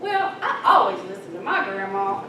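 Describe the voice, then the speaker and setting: A woman in her fifties giving a humorous Toastmasters speech, animated, breaking into song and acting out characters. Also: medium pitch, normal speed. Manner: animated, sings snatches and acts out characters. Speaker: Toastmasters speaker. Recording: echoey hall, distant mic, noisy.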